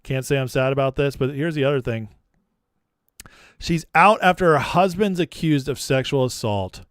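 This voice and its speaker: A man's voice: mid-range voice, expressive, moderate pace, smooth, no echo, clean studio sound. A man hosting a political commentary vlog, talking in a chatty, opinionated, offhand way. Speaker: host.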